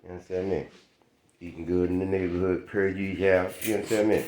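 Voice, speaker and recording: Deep-voiced laid-back man, roomy sound. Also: fairly even intonation, brisk, noisy background. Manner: laid-back slangy chat, keeps asking "you understand me". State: just woken up, groggy. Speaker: dog owner vlogger. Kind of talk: casual vlog talk to camera.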